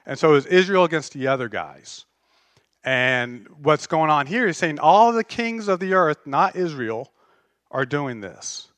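A man's voice: a little high, unhurried, dry recording. Casual, dry-sounding preacher man. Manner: conversational preacher, animated storytelling with self-deprecating humor. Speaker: pastor. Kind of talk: sermon.

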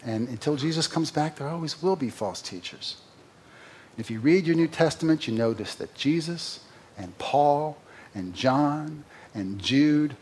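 A man's voice: medium pitch, darkish tone, slightly rough. A man preaching a sermon as pastor, earnest, with sarcastic asides and emphatic rises.

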